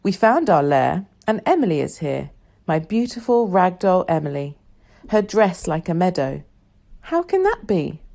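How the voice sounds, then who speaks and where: A woman reading a novel aloud in the first person, soft and reflective. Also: lowish voice, expressive, normal speed, gravelly. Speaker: audiobook reader.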